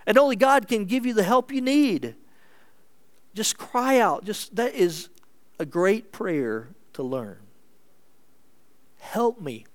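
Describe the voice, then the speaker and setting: A male pastor delivers a sermon in an unhurried, deliberate cadence, letting each phrase settle. His voice is smooth and resonant and sits a little high for a man. He is earnest throughout, pressing hard on some words and dropping almost to a murmur on others. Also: very animated. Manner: earnest, measured preaching with sharp swings between emphatic and hushed delivery.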